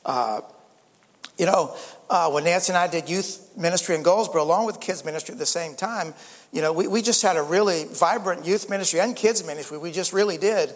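Older preacher man, earnest, fairly high. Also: brisk, in a large hall. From United States. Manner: earnest, repeats words, rises in emphasis. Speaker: pastor. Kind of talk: sermon.

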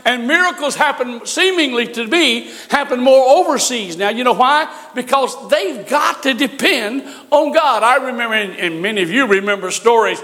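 A man's voice: extremely high pitch, expressive, moderate pace, hardly any pauses, pushed and bright. An older man preaching a sermon in a folksy storytelling way with touches of humor. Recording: long hall reverb.

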